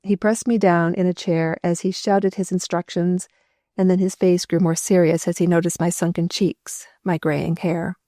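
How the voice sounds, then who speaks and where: Woman, audiobook narrator, measured, warm dark tone, dry studio sound. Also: on the low side, little pitch movement, no room sound. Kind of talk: scripted first-person narration.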